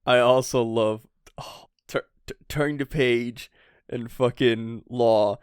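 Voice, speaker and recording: A man co-hosting a podcast, chatting excitably, laughing often and swearing casually. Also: medium pitch, slow, smooth, no room sound, clean studio sound. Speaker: podcast co-host. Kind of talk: casual chat recapping a manga chapter. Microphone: podcast microphone.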